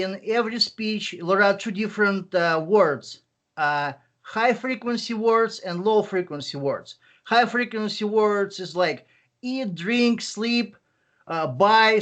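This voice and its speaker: A man from Russia speaking English with a Russian accent, giving advice in an online interview, halting often with fillers and restarts. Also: sits high, a bit bright. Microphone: video call.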